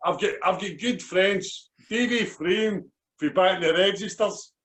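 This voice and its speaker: Scottish bloke, keeps saying listen, repeats everything, highish voice. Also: male voice, a little slow, fairly bright tone. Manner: emphatic, repeats himself, says listen. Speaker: podcast co-host. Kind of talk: casual chat.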